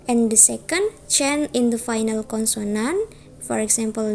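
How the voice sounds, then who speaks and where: A young woman from Indonesia, reading a student class presentation carefully, with halting self-corrections. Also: on the high side, lively intonation, gravelly, a little mellow. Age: young adult.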